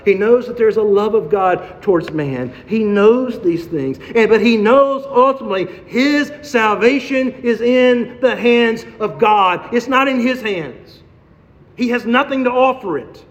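High-voiced male preacher in a hall. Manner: expository, rhetorical questions, emphatic repetition. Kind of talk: sermon. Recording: dull sound with long hall reverb.

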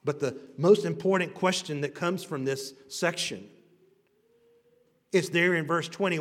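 A male pastor preaching a sermon with emphatic, rising and falling delivery, swinging between loud declarations and hushed lines. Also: on the high side. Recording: long reverb of a large hall.

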